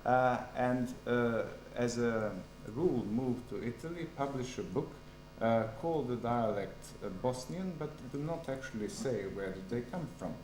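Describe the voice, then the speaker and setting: A man's voice: medium pitch, expressive, measured pace, hardly any pauses, a little mellow, slight background noise. A man defending his doctoral thesis, giving a formal academic answer, hesitant with frequent fillers. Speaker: PhD candidate defending a thesis. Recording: echoey room.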